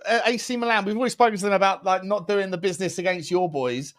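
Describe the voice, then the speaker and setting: A man's voice: sits high, quick pace, fairly bright tone. A man co-hosting a casual football chat, chatty and throwing questions to his co-host.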